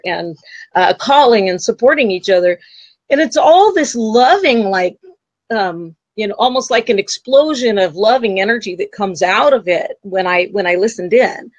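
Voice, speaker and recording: Animated woman storyteller, psychic-medium guest, dry and slightly muffled. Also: a little high, normal speed, dry recording. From United States. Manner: animated storytelling, acts out quoted voices. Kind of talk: storytelling in an interview.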